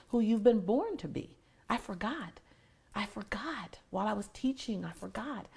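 Speaking at a medium pitch, this woman has a darkish tone with vocal fry and a breathy edge. She's in her forties, a motivational speaker sharing something personal as an interview guest, and she sounds earnest and emotional, occasionally dropping almost to a whisper.

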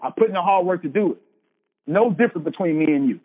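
A man's voice: sits high, animated, quick pace, slightly rough. A man in his thirties giving an emphatic motivational speech, hammering points home by repeating them. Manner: preachy, emphatic, repeats lines for effect. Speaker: motivational speaker. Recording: tinny phone-like sound with long hall reverb.

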